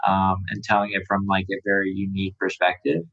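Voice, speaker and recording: A startup founder talking casually in an interview, relaxed and rambling, with many fillers. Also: male voice, deep voice, a little fast, phone-quality sound. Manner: relaxed, filler-heavy, lots of "um" and "like".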